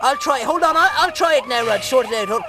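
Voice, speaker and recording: A man voicing a crude, bickering older Irish puppet bachelor with an Irish accent. He swings from loud outbursts to low mutters as he tells a story. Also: expressive, brisk, over music. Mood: flustered. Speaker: storyteller host. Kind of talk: comic sketch banter.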